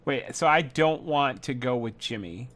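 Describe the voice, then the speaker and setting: Playful, lively male player. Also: mid-range voice, measured pace. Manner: playful, joking, laughs often. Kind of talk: tabletop game chat.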